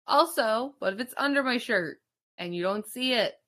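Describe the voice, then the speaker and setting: A woman's voice: on the high side, expressive, normal speed, a bit bright. A woman with a Minnesota accent, co-hosting a podcast in casual chat, talking emphatically and swearing freely. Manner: emphatic and profane, with rising outbursts. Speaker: podcast co-host.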